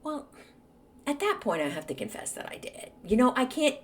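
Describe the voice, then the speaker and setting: Woman, 40s, podcast host, snarky storytelling, lively swooping pitch. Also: normal speed. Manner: snarky, animated, acts out quoted voices. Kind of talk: casual storytelling monologue.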